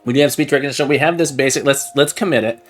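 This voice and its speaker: A man hosting a live coding stream, chatting excitedly and jokingly with viewers, often repeating words and restarting his sentences. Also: medium pitch, racing, soft background music. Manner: laughs often and jokes with chat. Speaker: livestream coding host. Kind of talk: casual live-stream chat while coding.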